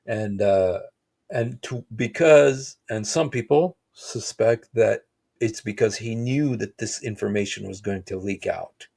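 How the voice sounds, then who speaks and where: A man's voice: lowish voice, gravelly, darkish tone. A man hosting a livestream, giving rambling, casual reaction commentary with frequent exclaimed asides. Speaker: livestream host.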